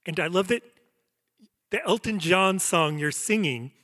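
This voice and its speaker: Admiring man moderating onstage, higher and bright tone, long hall echo. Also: expressive, measured pace. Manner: admiring, enthusiastic questions. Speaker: interviewer, music writer. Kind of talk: onstage interview. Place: auditorium stage before an audience.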